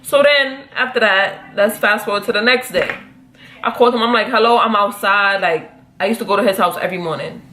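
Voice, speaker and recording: A young woman telling a personal story in a casual, animated, profane way, jumping up in pitch when she quotes herself. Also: a little fast. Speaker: vlogger.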